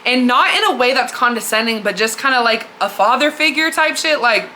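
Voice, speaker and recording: A woman's voice: fairly high pitch, animated, a little fast, hardly any pauses, sharp tone, slight background noise. A woman hosting a podcast, retelling a story in a candid, slangy, conversational way. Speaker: podcast host. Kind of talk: casual spiritual storytelling.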